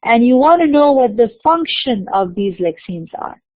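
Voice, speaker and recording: A woman's voice: fairly high pitch, sing-song, dry recording. Woman lecturing in English. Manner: explains slowly, spelling out letters, slipping into Arabic terms. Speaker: university lecturer. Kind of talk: recorded lecture. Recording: dry tinny phone-like recording.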